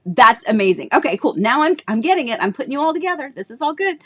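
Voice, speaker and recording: A woman's voice: high voice, sing-song, quick pace, fairly bright tone, husky. A middle-aged woman hosts a casual live stream as a real estate agent, talking straight to the camera in a bubbly, chatty way. She greets viewers one by one. A lingering tickle in her throat keeps catching her voice. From Florida, United States.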